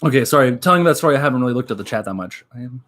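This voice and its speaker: A man's voice: mid-range voice, expressive, very fast, a bit bright. A young man from Texas, chatting casually to his live stream chat and telling a story with many fillers and asides. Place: at home.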